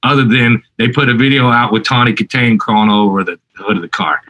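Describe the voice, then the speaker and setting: A man, a guest musician, telling an animated story in a casual interview, with many fillers and restarts. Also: medium pitch, a little fast, rough recording.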